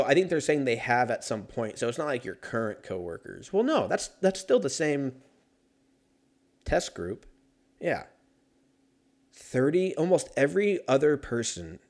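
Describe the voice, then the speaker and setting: A man's voice: medium pitch, a little mellow. A man talking casually on his own, rambling and joking with plenty of swearing. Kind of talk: casual solo chat.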